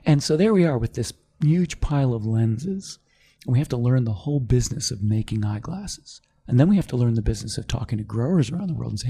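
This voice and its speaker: Man, middle-aged, gravelly, husky, warm low tone, podcast guest storytelling. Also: fast. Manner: animated storyteller, acts out quoted voices. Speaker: company founder, guest. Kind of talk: casual interview storytelling.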